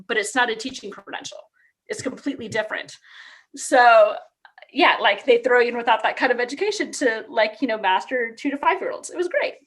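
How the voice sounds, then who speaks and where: A woman's voice: on the high side, a bit bright. A woman in her thirties from California, chatting as a podcast guest about her teaching career, upbeat and full of "like". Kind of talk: casual interview conversation.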